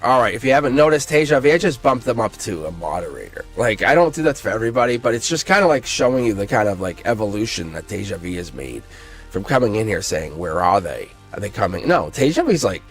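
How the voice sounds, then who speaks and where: A man hosting a casual live-stream tarot reading, excitable, laughing often and swearing freely. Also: medium pitch, fast talker, slightly rough, soft background music.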